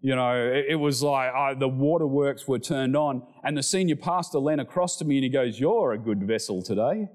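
A middle-aged male pastor preaching a sermon, animated, acting out scripture voices and climbing loud at the high points. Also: brisk, hardly any pauses.

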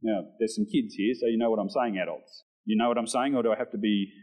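A man's voice: quick pace, rough recording. A man preaching a sermon, reading scripture and talking directly to the congregation. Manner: animated preaching, rises in pitch on scripture; conversational asides to the congregation. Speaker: pastor.

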